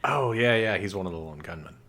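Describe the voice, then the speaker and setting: A man's voice: low voice, animated, fast talker, fairly bright tone. A man co-hosting a casual podcast, playful and jokey, with mock-formal introductions. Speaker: podcast co-host.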